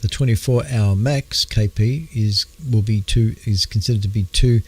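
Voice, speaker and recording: An Australian man hosting an astronomy radio show, talking in a halting, casual way with many fillers, clearing his throat as his voice wears out. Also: on the low side. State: losing his voice. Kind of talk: casual astronomy news talk.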